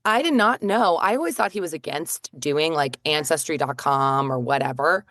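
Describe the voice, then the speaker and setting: Chatty lower-voiced woman podcaster. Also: lively intonation, a bit bright, no echo, studio quality. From northeastern United States. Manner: chatty storyteller, quick asides and "like" fillers. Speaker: podcast co-host. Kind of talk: casual chat.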